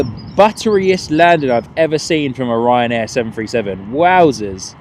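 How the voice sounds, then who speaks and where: Male live-stream host, rambling outdoor commentary full of fillers, eager, medium pitch, clear traffic hum behind. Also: expressive, normal speed, darkish tone. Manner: rambling, many fillers and restarts, enthusiastic about landings. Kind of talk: live commentary chatting with viewers. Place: outdoors at an airport viewing spot. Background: outdoor traffic and ambience.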